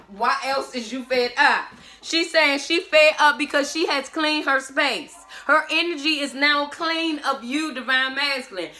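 Woman tarot reader, sassy and blunt, high bright voice, roomy echo with faint music. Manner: sassy, blunt, talks back to the cards. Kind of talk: casual tarot reading monologue.

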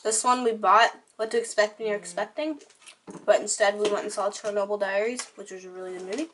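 A teenage girl vlogger shows off her things in a casual, rambling chat, saying "like" constantly. Her mid-range voice is fairly bright and fairly quick with fairly even intonation, carrying a slight hiss or hum. Children can be heard crying in the background.

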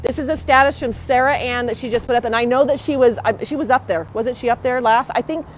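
A fairly high-voiced young woman talks into a handheld phone outdoors, indignant and agitated. She walks as she talks, with faint traffic noise behind her. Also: quick pace, low-quality recording. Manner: indignant, agitated, repeating herself. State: hurried, walking outdoors. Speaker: citizen livestreamer. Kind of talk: live phone stream. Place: outdoors near a courthouse. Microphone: phone held in hand.

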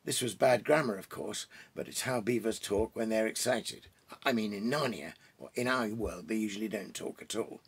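Gravelly-voiced man reading a story aloud. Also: on the low side. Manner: gentle, musing, with pauses and restarts. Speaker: reader and storyteller. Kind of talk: reading a children's book aloud.

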